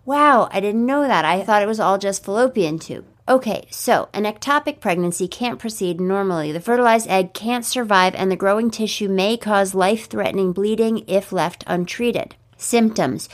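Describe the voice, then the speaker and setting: A woman reading explanatory text in a steady, even way, pausing now and then for a quick personal remark. Her voice sits at a middle pitch. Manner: reads steadily, with brief asides. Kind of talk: reading an informational passage aloud.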